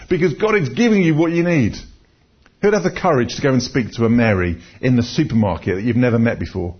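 In a dull, lo-fi recording, a man delivers a conversational sermon full of personal stories. His husky voice sits at medium pitch with lively intonation, and he talks fast, often restarting and repeating words.

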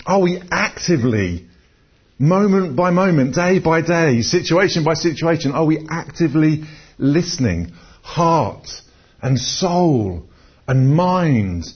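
A man's voice: fairly high pitch, expressive, slow pace, husky. Man, preacher, chatty sermon with personal stories, dull recording. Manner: conversational, storytelling, repeats words when restarting.

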